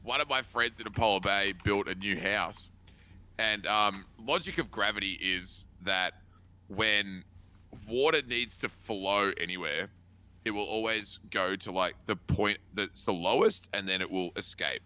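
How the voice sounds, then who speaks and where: A man's voice: on the low side, measured pace, bright, forceful tone. A young man in casual chat, laid-back and rambling, with some swearing. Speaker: podcast guest.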